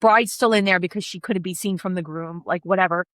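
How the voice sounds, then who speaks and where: A woman wedding coordinator tells a story in quick, blunt, animated bursts, swearing freely as she plays out each exchange. The sound is dry and close, with no room echo. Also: on the low side. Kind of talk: casual storytelling chat.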